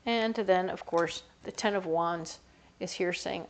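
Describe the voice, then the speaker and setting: A woman's voice: lowish voice, unhurried. A woman giving a casual tarot reading in a chatty, conversational way, sometimes slipping into little voices for the people she talks about. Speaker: tarot reader.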